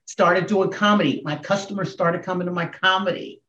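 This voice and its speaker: A woman in her sixties, a comedian and speaker, telling her story as a podcast guest with emphatic swings in pitch and volume. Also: fairly even intonation, moderate pace, a bit bright, slight background noise. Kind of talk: emotional storytelling in a podcast interview. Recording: echoey, dull room sound.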